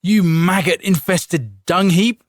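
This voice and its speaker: A man reading an audiobook, playing a hot-tempered farmer who shouts back in a strained, stubborn voice. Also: mid-range voice, very animated, slow pace, no echo, clean studio sound, pitched above the performer's own voice. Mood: angry. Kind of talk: audiobook character voice.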